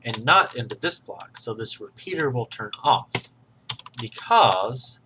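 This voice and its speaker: Bright-voiced man explaining a game tutorial. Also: medium pitch, very animated, a little slow, slight background noise. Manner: patient, explanatory, self-correcting. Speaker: tutorial host. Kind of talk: screen-recorded game tutorial narration.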